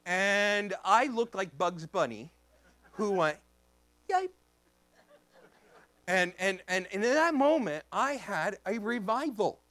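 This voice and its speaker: A man preaching as a pastor, telling a story in an animated way and acting out the voices in it. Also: high voice, unhurried, hardly any pauses, no echo. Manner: animated, acts out voices in his stories. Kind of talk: storytelling sermon.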